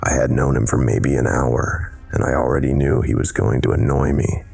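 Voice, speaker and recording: Deep gravelly horror narrator man. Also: flat delivery, a little mellow, faint music behind. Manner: measured, dramatic storytelling. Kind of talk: scripted narration.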